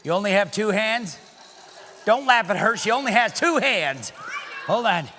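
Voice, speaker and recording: High, bright-voiced joking magician man. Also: animated, moderate pace. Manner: playful, teasing, loud, calls out to the crowd. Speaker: magician and children's entertainer. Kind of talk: comic magic show patter for kids. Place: synagogue sanctuary in front of a live audience.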